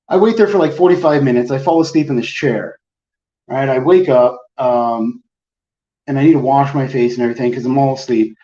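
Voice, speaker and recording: A man's voice: medium pitch, normal speed, mellow. A man telling a long, exasperated story in casual chat, acting out everyone in it. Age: adult, with a phone plan since the early 2000s. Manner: rambling, exasperated, quotes people in his story. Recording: roomy, distant, dull lo-fi sound.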